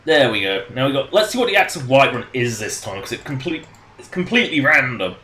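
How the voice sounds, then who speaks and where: A man's voice: medium pitch, very animated, quick pace, pushed and bright, echoey room, slight background noise. A man casually commenting on his game during a livestream, rambling and joking and laughing at his own jokes. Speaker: game streamer.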